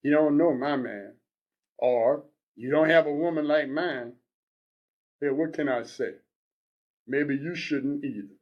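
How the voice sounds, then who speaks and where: A man in his sixties reading aloud as an older male advice columnist, blunt and earnest, in a measured, preachy delivery. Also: fairly high pitch, lo-fi sound, close to an everyday voice. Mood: advising. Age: 60s.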